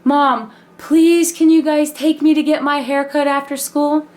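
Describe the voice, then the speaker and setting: A woman's voice: high-pitched, fairly even intonation, measured pace, darkish tone, voice pushed up. A woman playing her younger begging self. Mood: pleading. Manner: whiny, begging. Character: pleading young girl begging her parents.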